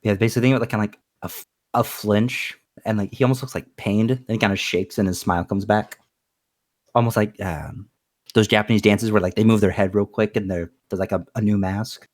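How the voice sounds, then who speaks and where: A man with a lowish voice talks through his character's reactions in loose, rambling sentences. He pads his explanations with likes and ums in casual table chat. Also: fairly even intonation, a little fast, darkish tone. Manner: rambling, explains with many fillers. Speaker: player.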